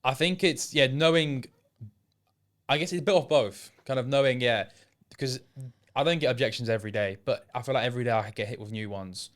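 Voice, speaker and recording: Talking a little fast in a fairly bright, medium-pitched voice, this young Englishman, a former apprentice turned sales setter, fields interview questions. He's casual and hesitant, regularly trailing off and restarting.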